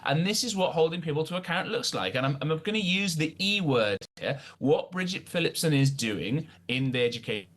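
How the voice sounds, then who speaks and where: A man's voice: on the high side, animated, fairly quick, hardly any pauses, a bit bright. A man giving impassioned, indignant political commentary on talk radio. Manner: impassioned, indignant, emphatic ranting.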